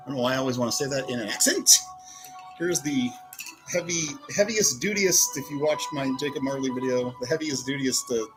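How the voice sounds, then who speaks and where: Reviewing toy figures, a man rambles casually, interrupting himself to mutter as he poses each one. He has a medium-pitched, fairly bright voice, captured in poor audio.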